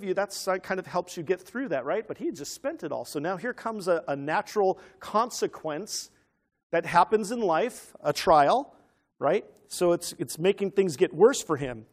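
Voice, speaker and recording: High-voiced man preaching. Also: moderate pace. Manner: animated, asks the listeners questions. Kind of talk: teaching sermon on a parable.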